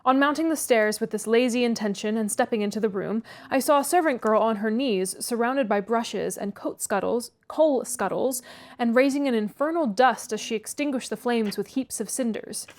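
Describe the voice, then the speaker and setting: A woman reading a classic novel aloud, pausing for chatty asides and laughing at her own stumbles. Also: fairly high pitch. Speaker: audiobook reader, read-aloud host.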